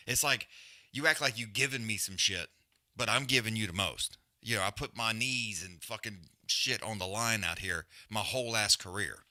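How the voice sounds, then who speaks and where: A man's voice: fairly low pitch, moderate pace, bright, forceful tone, no room sound, studio quality. A man hosting a live fight-watch stream, ranting bluntly with heavy swearing and loose slang, then calling the action. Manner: rambling with restarts and trailing mutters. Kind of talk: profane casual rant and fight commentary.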